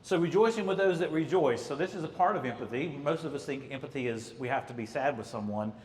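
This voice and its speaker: A man's voice: medium pitch, fast talker. A man giving a conversational church talk on marriage, mixing in anecdotes. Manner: conversational, tells anecdotes, acts out quotes. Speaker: marriage counselor. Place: church hall. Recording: echoey hall, faint ambience.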